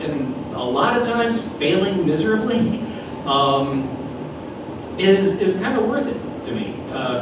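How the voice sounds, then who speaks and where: A man telling a comic personal story at a live storytelling event, self-mocking, acting out the dialogue. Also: fairly high pitch. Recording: echoey room from far off with noise.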